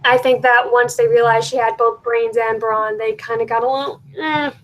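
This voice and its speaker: A young woman co-hosting a podcast, talking in a thoughtful, measured way that trails off. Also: fairly high pitch, steady tone, low-quality recording. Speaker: podcast co-host. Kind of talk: casual chat.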